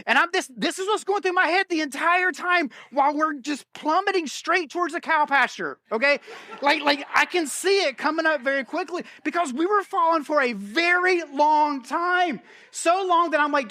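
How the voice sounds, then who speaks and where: High, bright-voiced animated male pastor. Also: dry recording, clean studio sound. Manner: animated storyteller, acts out his own panicked thoughts. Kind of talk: sermon with a humorous personal story. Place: church auditorium.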